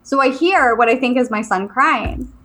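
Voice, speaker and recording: A woman co-hosting a casual talk show tells stories with animated energy, jumping into the voices of the people she quotes. Her voice sits a little high for a woman. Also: moderate pace. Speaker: medium, podcast co-host. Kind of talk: casual chat.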